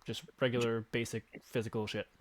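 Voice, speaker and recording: A man running a tabletop game as game master, explaining the rules in a relaxed, plain way. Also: mid-range voice, fairly quick.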